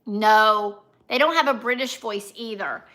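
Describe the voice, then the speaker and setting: A woman's voice: medium pitch, a little slow, fairly bright tone. A woman hosting a casual livestream, chatting and reading her viewers' comments aloud, greeting them by name. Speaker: vlogger and livestream host.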